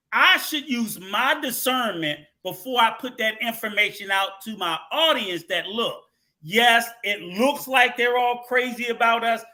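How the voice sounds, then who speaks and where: A man with a very high, sharp and bright voice argues his point on a casual podcast panel. He talks at length and with emphasis.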